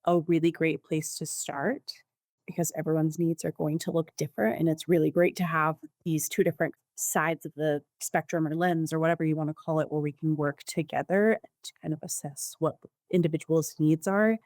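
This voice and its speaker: A woman therapist co-hosting a podcast, explaining clinical ideas in a calm, measured way. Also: low voice, dry recording, studio quality. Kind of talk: podcast discussion.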